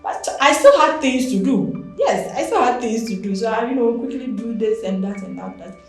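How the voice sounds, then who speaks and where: Young Ghanaian woman, candid personal storytelling, animated delivery, very roomy echo, faint music underneath. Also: on the high side, normal speed. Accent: Ghanaian English. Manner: animated, expressive storytelling with many fillers. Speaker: interview guest.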